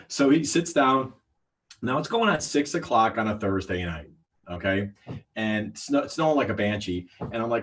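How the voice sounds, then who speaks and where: On a livestream, a middle-aged sales trainer tells a story with animation, acting out the voices of the people in it. He speaks at medium pitch and a moderate pace.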